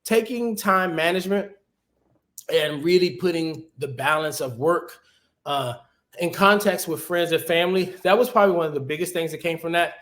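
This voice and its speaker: Male webinar guest, higher-set voice, lively conversational delivery over a video call. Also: moderate pace. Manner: animated, conversational advice-giving. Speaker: guest, TV executive producer. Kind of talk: casual webinar interview.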